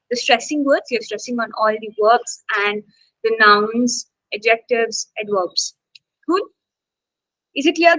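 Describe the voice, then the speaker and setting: A woman's voice: a little high, a bit bright, no room sound, rough recording. A woman instructor teaching an online English class, coaxing students to take part, with many fillers.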